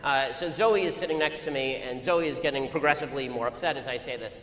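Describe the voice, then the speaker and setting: Fast-talking man in an echoing hall. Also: medium pitch, a bit bright. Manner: rapid-fire, argumentative storytelling. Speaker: speaker addressing an audience. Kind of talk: anecdotal public talk. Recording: echoey hall with long reverb, faint ambient noise.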